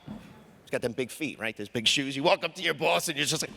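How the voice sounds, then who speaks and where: A man's voice: a little high, quick pace, creaky, pushed and bright. A man doing a stand-up comedy set on a conference stage, chatting with the crowd and acting out quoted voices.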